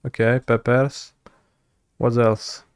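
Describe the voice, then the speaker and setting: A man's voice: medium pitch, level tone, slow, clean tone, dry recording, clean studio sound. A man, a streamer thinking aloud and muttering words to himself while he works through a word puzzle. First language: Polish.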